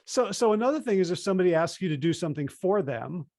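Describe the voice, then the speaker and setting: Animated man with a dry close sound. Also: sits high, fast talker, dry recording. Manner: animated, acts out quoted dialogue. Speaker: interview guest, author. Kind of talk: conversational interview.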